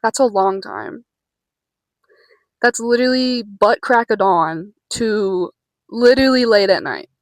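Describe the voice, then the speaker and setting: A woman's voice: mid-range voice, slow pace, long pauses, no room sound, rough recording. A young woman chatting casually in a vlog, nervous and rambling, with casual swearing. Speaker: vlogger.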